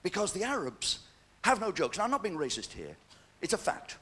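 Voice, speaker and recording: A man's voice: sits high, very animated, fairly quick, bright, forceful tone. An English man in his sixties doing live stand-up comedy, chatty and cheeky with well-timed punchlines, on stage at a large venue.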